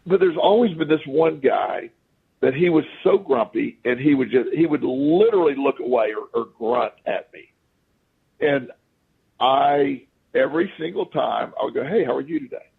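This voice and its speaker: Gravelly man over a tinny line. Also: mid-range voice, moderate pace. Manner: animated storyteller who acts out quoted speech. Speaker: podcast guest. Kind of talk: casual anecdotal storytelling.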